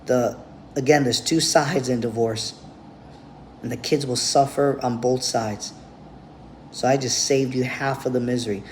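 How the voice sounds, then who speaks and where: A man's voice: mid-range voice, fairly even intonation, unhurried, pauses often, slight background noise. A man giving a blunt, profane, rambling monologue straight to camera as a vlogger.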